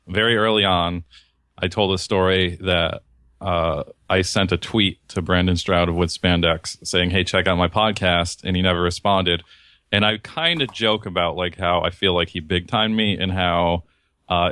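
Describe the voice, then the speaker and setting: A young man retells a grievance on a casual podcast, heated and full of swearing, slipping into mocking voices for other people. His voice sits fairly low but sounds bright and forceful. The recording is dry and close. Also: no echo. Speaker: podcast co-host. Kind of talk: casual ranting chat.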